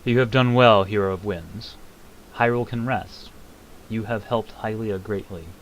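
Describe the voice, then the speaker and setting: A man reading as a calm consoling goddess. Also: fairly low pitch, normal speed, slight background noise, natural voice, poor audio. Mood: solemn. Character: watchful female goddess consoling a fallen hero.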